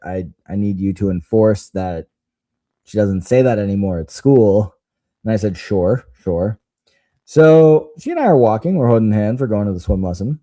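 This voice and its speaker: Laughing dad telling stories, mellow voice. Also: male voice, on the low side, dry recording. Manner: laughs while telling stories, self-deprecating. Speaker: podcast co-host. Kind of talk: casual chat, storytelling.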